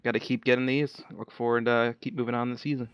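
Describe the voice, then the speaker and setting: Relaxed man, halting post-race interview. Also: medium pitch, clean tone, highs cut off, soft background music. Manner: relaxed, halting with many fillers. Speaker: race driver being interviewed.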